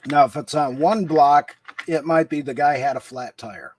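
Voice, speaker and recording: A man's voice: a little high, moderate pace, a little mellow, slight background noise. A man co-hosting a casual podcast, chiming in with dry joking one-liners. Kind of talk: casual chat.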